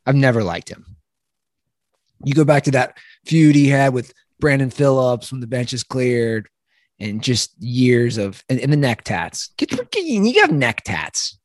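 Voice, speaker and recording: A man's voice: medium pitch, steady tone, a little slow, darkish tone, no room sound, studio quality. A man co-hosting a casual sports podcast, rambling and opinionated, often tripping over his words. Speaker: podcast co-host.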